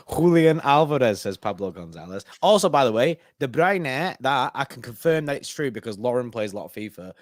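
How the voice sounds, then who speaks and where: Animated young man, dry sound. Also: medium pitch, normal speed, no echo. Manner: animated, laughs often, lively bursts. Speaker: co-host of fan live stream. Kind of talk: casual chat.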